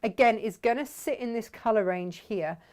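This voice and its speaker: Running a casual fabric workshop, the shop's host talks in an enthusiastic, rambling, chatty way. Her fairly high voice has a darkish tone and moves at normal speed.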